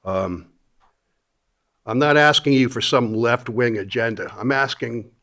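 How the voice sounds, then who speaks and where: A man speaking at public comment in a county meeting, plain-spoken and a little halting as he appeals to the board. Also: mid-range voice, pushed and bright. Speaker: public commenter, mobile home resident.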